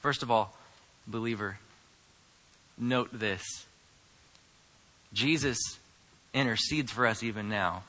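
A male pastor delivering a sermon earnestly, moving between hushed asides and emphatic stresses. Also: fairly low pitch, slow, long pauses, big-room sound.

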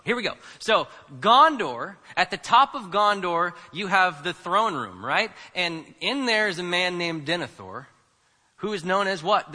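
Bright-voiced man preaching in a reverberant church. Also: fairly high pitch. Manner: conversational, emphatic preaching with rhetorical questions. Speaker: pastor. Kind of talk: sermon.

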